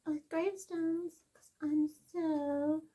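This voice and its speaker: A woman's voice: high voice, flat delivery, slow pace, dark tone, voice pushed up. A woman putting on the voice of a smug, self-important wannabe goth poser, in a mocking sing-song.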